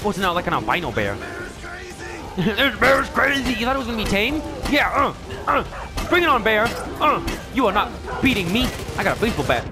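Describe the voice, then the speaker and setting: Excitable young man yelling game commentary. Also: sits high, a little fast, over music. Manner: excitable, yelling, joking to himself. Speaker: gaming YouTuber. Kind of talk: let's-play commentary.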